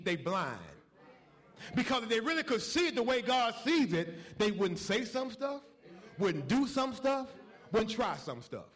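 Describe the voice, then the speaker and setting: Brief: male preacher, high voice with a wide swing, folksy call-and-response delivery. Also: a bit bright. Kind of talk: sermon.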